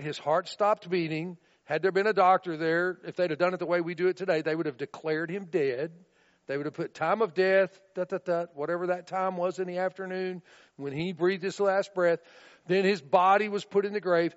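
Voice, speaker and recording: High-voiced male preacher in a hall. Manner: conversational, asks listeners "right?". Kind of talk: sermon. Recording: dull recording with long reverb in a large room.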